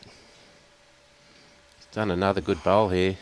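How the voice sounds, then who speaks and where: A man commentating live lawn bowls, calling each shot in a measured way and weighing up the players' options. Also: deep voice, little pitch movement, clear, resonant tone, poor audio. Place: bowls club.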